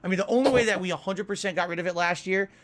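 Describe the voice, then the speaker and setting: A man's voice: sits high, racing. A man chatting casually in a vlog, rambling on about household chores and mildly annoyed. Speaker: vlogger in a clip being reacted to.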